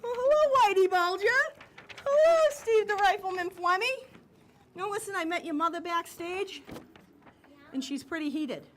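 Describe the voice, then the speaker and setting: A comedian on stage playing a loud, teasing middle-aged woman with a Boston accent. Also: very high-pitched, normal speed, long pauses, a little hiss or hum. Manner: brassy, teasing, exaggerated. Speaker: stand-up comedian in character. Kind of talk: live stand-up character comedy on stage. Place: stage at a live telethon.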